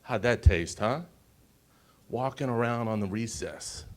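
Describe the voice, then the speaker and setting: A man in his forties from the United States, giving an emotional personal story on a conference panel and often pausing to check in with the audience. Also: medium pitch. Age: 40s. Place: conference stage.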